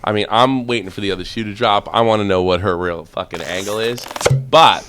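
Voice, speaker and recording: A man's voice: on the low side, a little fast, background noise. A man in his forties from New Jersey, co-hosting a podcast in casual chat, blunt and profane, telling stories with animation. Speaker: podcast co-host.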